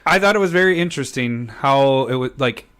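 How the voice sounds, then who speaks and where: A man with an everyday voice co-hosts a relaxed card game podcast. He recaps a game in a joking, teasing way and reads card text aloud. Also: mid-range voice, brisk, clear, resonant tone. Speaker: podcast co-host. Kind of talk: casual chat about a card game.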